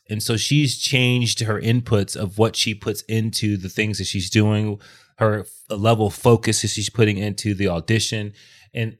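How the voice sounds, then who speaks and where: A man in casual podcast chat, reflecting on things and often restarting his sentences. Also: lowish voice. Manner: reflective, talks in metaphors and restarts.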